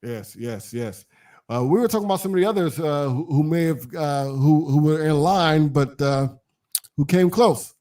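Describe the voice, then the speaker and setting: A man's voice: on the high side, lively intonation, moderate pace, warm tone. A man co-hosting a casual live stream, talking in a laid-back, hesitant way with frequent restarts. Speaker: co-host.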